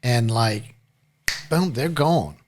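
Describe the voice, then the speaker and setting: A man's voice: medium pitch, lively intonation, slow pace, noisy background. A man hosting a podcast interview, asking eager questions in a casual chat with plenty of fillers. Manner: eager, with many fillers and restarts. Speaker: podcast host.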